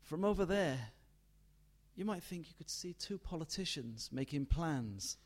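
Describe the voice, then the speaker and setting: A man narrating a dark tale in a slow, deliberate, hushed storytelling manner. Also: on the high side, expressive.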